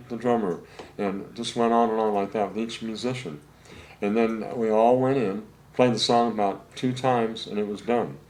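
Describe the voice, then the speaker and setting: An older man, a session saxophonist, telling rambling anecdotes in a relaxed interview, full of fillers. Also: fairly low pitch, slight background noise. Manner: rambling anecdotes with many fillers, acts out quotes.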